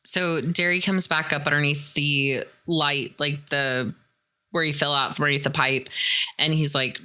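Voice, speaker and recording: Woman, podcast host, casual film recap, bright sharp tone, unhurried delivery. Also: low voice, steady tone, smooth. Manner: chatty, peppered with "like" and "dude".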